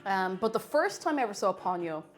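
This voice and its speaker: A young Irish woman streaming live while baking, chatting in a rambling, animated way, laughing often and reading out chat messages. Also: medium pitch, a little fast, faint music behind.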